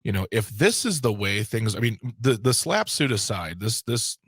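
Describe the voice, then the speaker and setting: A man's voice: lowish voice, big pitch swings, moderate pace, fairly bright tone, slightly rough, no room sound. A man co-hosting a radio show from a studio, talking casually and passionately, rambling with fillers and restarts. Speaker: board operator and co-host. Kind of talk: casual talk radio chat. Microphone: studio microphone.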